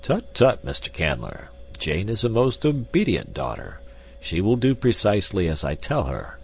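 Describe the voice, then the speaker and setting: A man's voice: fairly low pitch, huge pitch swings, normal speed, vocal fry, darkish tone, a little hiss or hum, voice pushed up, exaggerated voice. A man reading an audiobook, voicing a fussy, absent-minded old male professor who clucks "tut, tut".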